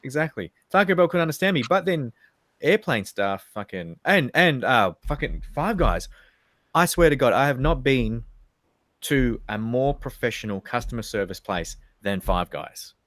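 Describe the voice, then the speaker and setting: A man in his thirties with an Australian accent, co-hosting a casual livestream chat and telling animated, profane, rambling stories. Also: medium pitch, moderate pace, dry recording, studio quality. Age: 30s. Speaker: livestream co-host.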